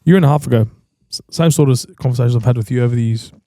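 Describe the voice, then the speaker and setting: An Australian man hosts a podcast in an easy, casual way, hammering his points home with slang and repetition. His voice is gravelly and fry-laden, with a very dark, mellow tone and a dry, close sound. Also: medium pitch, racing, no echo. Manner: emphatic, slangy, repeats himself for stress. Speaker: podcast host. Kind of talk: casual chat.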